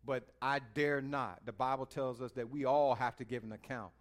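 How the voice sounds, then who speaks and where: A man preaching a sermon in a folksy way, talking straight to his listeners and swinging from quiet musing to loud exhortation. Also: medium pitch, fairly even intonation, normal speed. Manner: folksy, speaks to the listeners directly.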